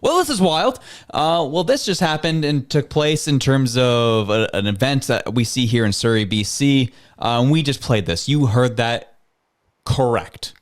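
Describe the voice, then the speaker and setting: A man's voice: mid-range voice, lively intonation, normal speed. A man hosting a podcast, reacting to a clip in casual, incredulous commentary and laughing often. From Canada. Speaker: podcast host.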